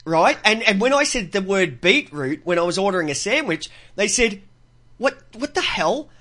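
Aussie guy on a call, swearing, mock mad, bright tense voice that jumps around. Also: high-pitched, animated, moderate pace. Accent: Australian. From Australia. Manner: swears a lot, mock-outraged, laughing. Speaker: caller from the chat. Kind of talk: casual chat.

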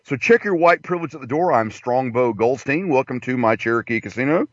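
A man's voice: medium pitch, expressive, brisk, no room sound, natural voice. A man voicing a pushy male casino owner who greets guests with salesy patter. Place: inside a parked car. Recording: dull lo-fi, dry.

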